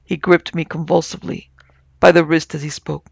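A man narrating a ghost story for an audiobook in a measured, even-toned way. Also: a little high, vocal fry, husky, dry recording. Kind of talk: scripted narration.

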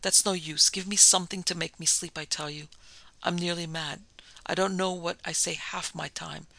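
A man's voice: a little high, steady tone, moderate pace, vocal fry, sharp tone, no echo, full character voice, rough recording. A man reading the part of a sleepless man near breaking point, pleading desperately.

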